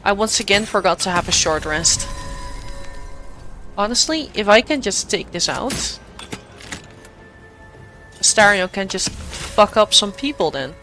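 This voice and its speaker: Over faint game music, a young woman streams a game and chats playfully with her audience, offering casual commentary as she plays. Her mid-range voice is bright and forceful, with lively intonation, a measured pace, and long pauses.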